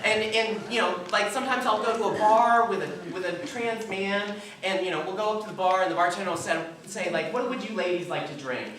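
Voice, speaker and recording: A woman comedian performing live stand-up with self-deprecating, animated delivery at a small venue. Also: medium pitch, a little fast, few pauses. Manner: self-deprecating, animated, lots of put-on voices. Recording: echoey live room, distant mic, noisy.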